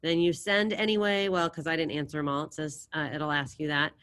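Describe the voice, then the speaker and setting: A woman's voice: sits low, flat delivery, brisk, fairly bright tone, clear, resonant tone. Encouraging woman teaching an online class. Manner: encouraging, drills verb endings aloud with students. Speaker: Spanish teacher.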